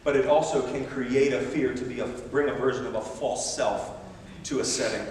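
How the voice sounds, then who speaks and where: A man preaching a sermon as a missionary, animated and emphatic, with self-deprecating humor. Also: medium pitch, normal speed, distant mic, a little hiss or hum. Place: large church sanctuary. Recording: echoey church hall from afar.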